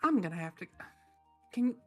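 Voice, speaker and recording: A woman's voice: medium pitch, sing-song, moderate pace, a bit bright, faint music behind. A woman voicing a cheeky, chatty adventurer who demands tea and pies.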